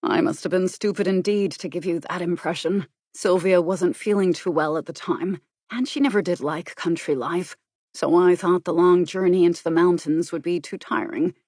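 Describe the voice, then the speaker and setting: A woman voicing a controlled, serious man who speaks in an earnest, measured way and is quietly worried and persuasive, for an audiobook. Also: lowish voice, no room sound, clean studio sound, close to an everyday voice.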